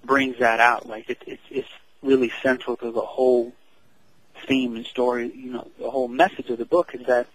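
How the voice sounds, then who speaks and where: A man, an author and coach, earnestly telling a personal story in an interview, halting often and restarting his sentences. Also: medium pitch, level tone, fairly bright tone, dry recording, rough recording.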